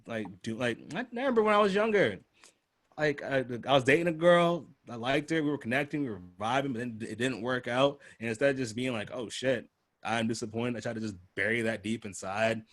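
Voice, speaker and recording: A man's voice: mid-range voice, lively intonation, fairly quick, fairly bright tone. A man hosting a casual podcast chat, telling loose, profane stories and acting out the people he quotes. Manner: loose, profane storytelling that acts out quoted voices. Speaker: host.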